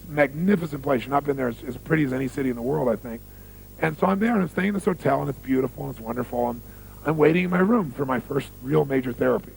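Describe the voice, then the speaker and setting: A man's voice: mid-range voice, fast, vocal fry, darkish tone, a little hiss or hum, poor audio. A man giving a motivational seminar talk on stage, telling stories, repeating key phrases for emphasis and quizzing the audience. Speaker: motivational speaker.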